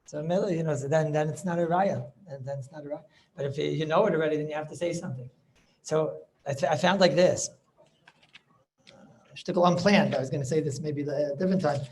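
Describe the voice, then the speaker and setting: A man's voice: fairly high pitch, a little fast, darkish tone, a little hiss or hum. A man, a rabbi, teaching an informal class over a video call, chatty and sprinkling in study-hall terms. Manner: chatty, mixes in Yiddish and Hebrew study terms.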